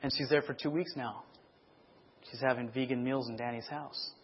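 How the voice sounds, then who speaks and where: A middle-aged man preaching his testimony in a sermon, asking for amens and getting loud and excited as he retells stories. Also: medium pitch, moderate pace, lo-fi sound, slight background noise.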